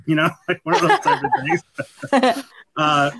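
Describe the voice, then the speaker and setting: A man's voice: high-pitched, huge pitch swings, bright, forceful tone. A middle-aged man, a retired police detective, tells a story as an interview guest. He rambles, stops and restarts, and fills his speech with "you know". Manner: rambling and halting, full of "you know" fillers.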